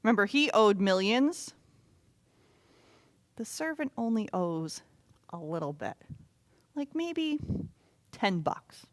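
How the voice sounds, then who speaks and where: A woman teaching a children's Bible lesson in animated storytelling that sometimes drops to a loud whisper. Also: mid-range voice, takes it slowly, pauses often.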